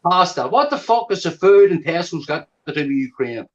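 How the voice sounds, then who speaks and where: A man's voice: high voice, animated, brisk. A man with a Belfast accent hosting a live stream panel, ranting and mocking with constant swearing. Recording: dull lo-fi stream audio.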